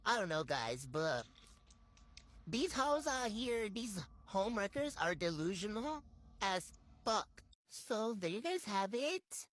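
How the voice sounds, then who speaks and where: Animated blunt young woman telling a story. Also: medium pitch, slow pace, no echo. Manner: animated, blunt, swears freely, slangy. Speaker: storytime vlogger. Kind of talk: get-ready-with-me storytime.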